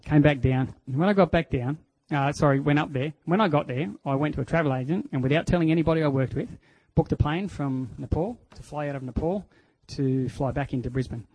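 A man with an Australian accent sharing a candid personal testimony in a sermon, telling it in an earnest, halting way. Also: a little high, darkish tone, no echo, rough recording.

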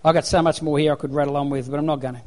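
A man's voice: on the high side, steady tone, rapid-fire, a little mellow. A man preaching a sermon into a handheld microphone to an audience, in an emphatic, repetitive exhorting manner. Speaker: pastor.

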